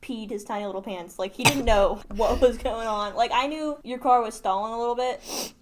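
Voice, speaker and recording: A woman's voice: fairly high pitch, moderate pace, a crowd in the background. A teenage girl hosting a school podcast, laid-back and upbeat, saying "like" a lot. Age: teens. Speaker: podcast host. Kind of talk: casual podcast chat.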